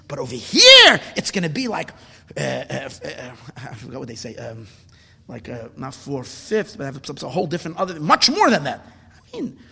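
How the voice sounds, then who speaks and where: A man giving an impassioned Torah talk as a rabbi, building at times to indignant shouts. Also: a little high, slightly rough, in a large hall.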